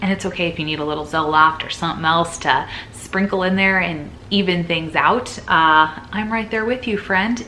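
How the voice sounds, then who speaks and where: A young woman talks straight to camera in a candid personal vlog, earnest and chatty, her speech full of likes and ums. Her voice is bright and forward while sitting a little low in pitch. A faint hiss runs under the recording. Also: moderate pace, few pauses. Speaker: nurse practitioner vlogger.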